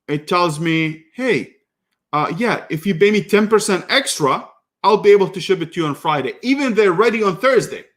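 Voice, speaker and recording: Animated man telling business stories. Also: on the high side. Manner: animated storyteller, many restarts, voice rises when annoyed. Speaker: online business educator. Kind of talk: casual talk to camera.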